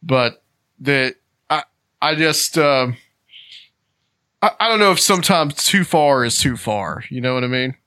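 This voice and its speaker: Male interviewer, relaxed and unhurried, pauses to find his words, bright timbre. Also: medium pitch, smooth, no room sound. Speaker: podcast host. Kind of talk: casual interview.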